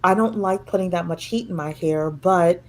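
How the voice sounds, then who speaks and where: A woman co-hosting a livestreamed panel over a video call, easygoing and quick to agree with the speaker. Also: lowish voice, a little mellow. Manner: easygoing, with frequent agreeing murmurs. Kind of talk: casual panel discussion.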